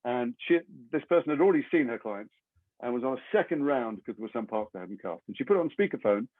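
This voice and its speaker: Fast-talking Englishman telling stories, phone-thin. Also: mid-range voice, animated, no echo. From England. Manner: rambling anecdotes with self-deprecating humor. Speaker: actor guest. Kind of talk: interview storytelling. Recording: tinny phone-like line, dry.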